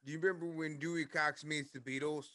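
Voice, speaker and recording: A man's voice: on the high side, fairly even intonation, fast, fairly bright tone, dry recording. A man co-hosting a podcast, telling funny stories from his old jobs in casual chat. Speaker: podcast co-host.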